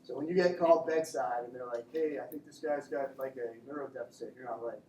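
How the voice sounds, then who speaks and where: A man teaching a classroom lecture in a joking, conversational way, acting out quick exchanges with patients. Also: medium pitch, warm tone, distant mic, a little hiss or hum. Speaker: instructor. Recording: echoey classroom recorded from afar.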